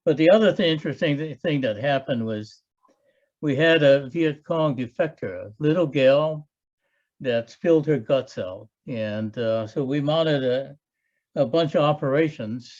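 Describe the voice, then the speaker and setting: Blunt older veteran, dull sound. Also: male voice, mid-range voice, a little slow, a little mellow. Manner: blunt, matter-of-fact. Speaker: Special Forces veteran. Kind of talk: oral history storytelling.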